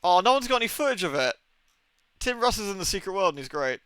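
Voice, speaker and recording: A young man talks on a livestream in a loose, rambling way, full of swearing and laughter. His voice sounds bright and forceful and sits a bit high for a man. The sound is dry, with little room sound. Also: sing-song, fast, clean tone, no room sound. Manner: chatty, swears often, laughs a lot. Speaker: streamer. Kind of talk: casual livestream chat.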